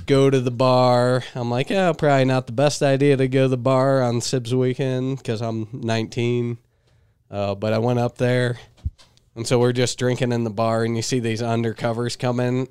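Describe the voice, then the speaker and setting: A man's voice: medium pitch, darkish tone, clean tone, dry recording. A young man, a comedian, telling a story in casual chat and laughing easily. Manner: laughing, easygoing. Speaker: comedian guest.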